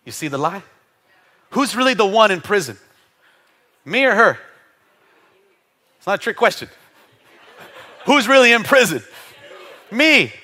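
A middle-aged man preaching a sermon, his voice bright, forward and ringing. He swings widely in pitch, dropping low and quiet, then rising high and loud. He jokes and calls for responses from the congregation. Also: a little slow, long pauses. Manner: animated, playful preaching with jokes and call-and-response. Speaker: pastor. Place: church sanctuary.

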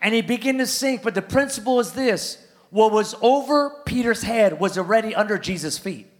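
Man, middle-aged, preacher, very high pitch, impassioned sermon, repetitive phrasing. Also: expressive, normal speed. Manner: impassioned, repetitive, shifts between shouting and muttered asides.

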